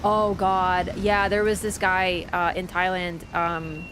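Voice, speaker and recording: A young woman streaming a game, chatting casually and telling travel stories with animated swings into quoted voices. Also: fairly low pitch, slow pace, background noise. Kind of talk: casual chat while gaming.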